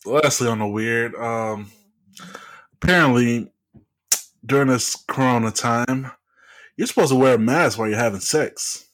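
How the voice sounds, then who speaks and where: A man's voice: medium pitch, measured pace, long pauses. A man co-hosting a casual chat, playful and joking. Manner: playful, joking, lively delivery. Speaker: podcast co-host.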